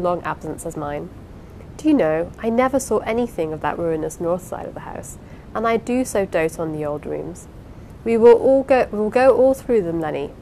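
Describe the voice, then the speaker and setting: A woman reading the part of a lively, affectionate young wife in an audiobook, eager and playful. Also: on the low side, slight background noise, rough recording. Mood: gushing.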